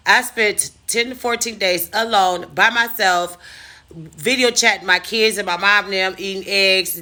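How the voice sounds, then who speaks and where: A woman vlogger telling a personal story casually, animated and profane, acting out the dialogue. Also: medium pitch.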